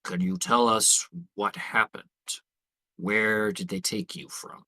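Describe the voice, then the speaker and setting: Woman doing a big soft-spoken warrior guy, super deep, slow. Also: steady tone, no echo, full character voice. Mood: gentle. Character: big, gentle warrior man.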